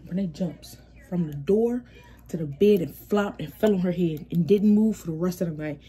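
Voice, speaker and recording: Animated young woman telling a story. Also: on the low side, breathy edge. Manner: animated, acts out quotes, laughs often. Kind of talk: casual storytime vlog.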